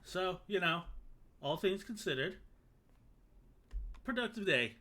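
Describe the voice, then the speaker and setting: A man's voice: sits high, expressive, slow, pushed and bright. A man streaming a video game, recapping and joking in casual, rambling, sometimes profane commentary.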